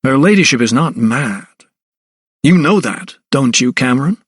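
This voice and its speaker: A man's voice: medium pitch, animated, moderate pace, breathy edge, dry recording. An earnest young doctor, read by a male narrator, pressing his point with barely held-back agitation. The voice sits close and dry on the mic. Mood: urgent. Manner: urgent, strained.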